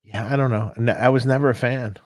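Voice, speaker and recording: A man co-hosting a casual talk show about guitar gear, animated and chatty, who often acts out quotes. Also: medium pitch, brisk, no echo, studio quality. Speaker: co-host, amp technician. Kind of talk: casual chat.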